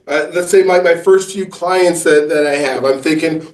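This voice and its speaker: An author and business coach answers interview questions in a halting, storytelling way, full of fillers and restarts. His voice is high-pitched, and the rough recording has an echoey room and a distant mic.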